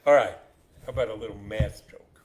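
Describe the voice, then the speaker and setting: A man's voice: on the low side, a little fast. A man co-hosting a podcast, telling jokes in casual banter and acting out the characters in them. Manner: animated storyteller who acts out joke characters. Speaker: podcast co-host. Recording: roomy echo with faint hiss.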